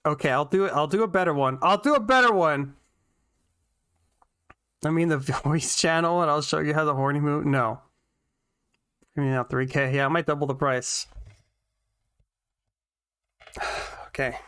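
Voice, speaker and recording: A woman's voice: sits low, moderate pace, long pauses, a bit bright, clean tone, dry recording, studio quality. A woman streaming a video game, chatting casually with her viewers in a giggly, self-conscious way from her home. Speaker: vtuber streamer. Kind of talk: casual let's-play commentary. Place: home room.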